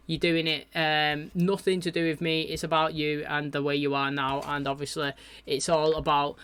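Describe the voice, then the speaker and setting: A man gives a loose, chatty recap of a TV episode, full of fillers and asides. His voice sits a little high. The sound is dry and close, with no room echo. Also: little pitch movement, moderate pace, bright, forceful tone, clear, resonant tone. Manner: rambling, chatty, loose paraphrasing with frequent fillers. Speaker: TV reaction channel host.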